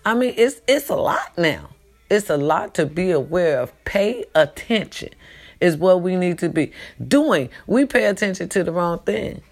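A woman's voice: on the low side, lively intonation, a little slow. A woman talking to her followers in an emphatic late-night monologue, repeating herself and calling out to them, recorded at home. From California. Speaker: vlogger.

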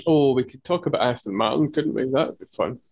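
A man's voice: medium pitch, fast talker, gravelly, a little mellow, breathy edge. Wry, sardonic male panelist. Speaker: podcast panelist. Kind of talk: casual chat about motor racing.

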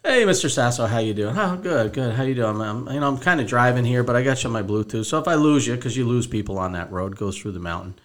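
A man's voice: medium pitch, animated, fast, few pauses. A man hosting a podcast as a financial advisor, telling a story casually and acting out both sides of a phone call.

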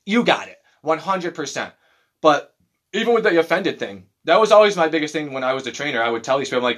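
Bright, profane man telling animated stories. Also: a little high, fast talker. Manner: profane, animated storytelling with mocking voices. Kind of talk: casual chat.

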